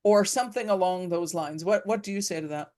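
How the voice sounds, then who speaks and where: A woman hosting a panel discussion, friendly and measured, asking long questions. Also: lowish voice, darkish tone. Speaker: host.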